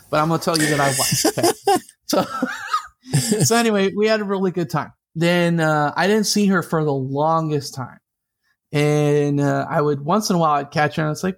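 A man with a somewhat raised voice spins a long personal story in casual conversation. He talks in an animated, chatty way and keeps breaking off for little asides. The tone stays loose and unscripted. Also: fairly high pitch. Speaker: guest telling a personal story.

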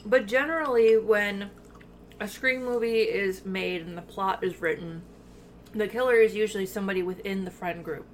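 A woman co-hosting a podcast in casual chat, talking in an animated way with lots of fillers and swearing, eating while she records. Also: medium pitch, moderate pace, slight background noise. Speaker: podcast co-host.

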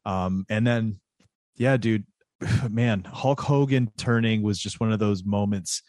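A man co-hosting a casual wrestling chat, talking in quick animated bursts with frequent restarts. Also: fairly low pitch, dry recording. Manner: animated, restarts often, slips into comic voices.

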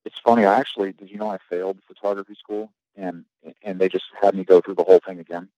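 Low mellow guy rambling and cussing through navy stories, dry dull lo-fi sound. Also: level tone, quick pace, no room sound. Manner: profane, rambling storytelling with frequent restarts. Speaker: guest, navy veteran. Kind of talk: casual podcast chat.

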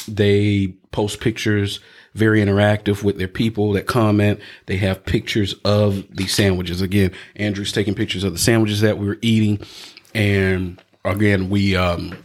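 A man hosting a podcast in casual chat, rambling with many fillers and laughing often. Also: fairly low pitch. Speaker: podcast host.

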